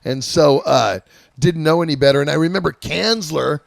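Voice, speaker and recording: A man in his fifties hosting a casual chat, telling old touring stories in an animated, profane way. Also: a little high, moderate pace, creaky, no echo, clean studio sound. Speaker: host.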